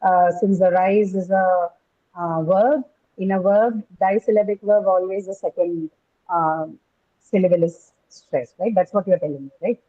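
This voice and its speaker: Woman, English teacher, classroom lecture, patient, explanatory, mellow, dull lo-fi sound. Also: on the low side, fairly even intonation, measured pace. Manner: patient, explanatory, checks in with "right?". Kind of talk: classroom lecture on word stress.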